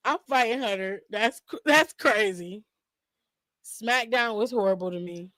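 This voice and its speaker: A woman's voice: medium pitch, unhurried, fairly bright tone, dry recording. A young woman hosting a casual live-stream aftershow, chatty and laughing often, talking straight to her viewers from home.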